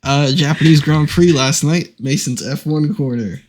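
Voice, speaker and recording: A man's voice: on the high side, moderate pace. A young man co-hosting a podcast, giving a chatty, enthusiastic sports recap. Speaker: podcast co-host.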